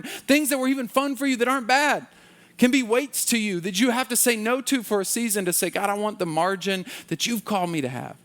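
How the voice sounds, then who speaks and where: A man preaching a conversational sermon in a church, with quick acted asides and dropping to a low, soft voice in prayer. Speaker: pastor.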